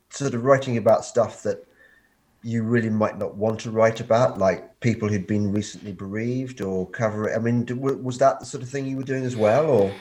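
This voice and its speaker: A man hosts a casual podcast chat, sounding drowsy from painkillers. His voice sits in a middling pitch. He rambles and stumbles through repeated words. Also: darkish tone. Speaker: podcast host.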